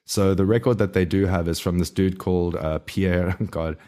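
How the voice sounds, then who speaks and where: A man's voice: low voice, steady tone, normal speed, dark tone. A man co-hosting a podcast in casual chat, rambling and laughing often as he loses his thread. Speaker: podcast co-host.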